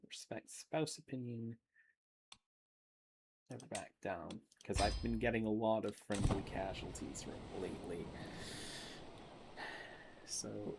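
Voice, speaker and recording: Slow, gravelly-voiced man muttering gameplay. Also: on the low side, noisy background. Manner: mutters game text half to himself, bursts into baffled exclamations. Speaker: gameplay streamer. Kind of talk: casual let's-play commentary.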